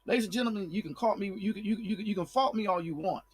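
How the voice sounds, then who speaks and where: A man's voice: sits high, fast talker, breathy edge. A man commenting on a court case in a blunt, heated way, repeating himself and restarting sentences as he makes his point. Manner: blunt, repetitive, fiery. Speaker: online commentator.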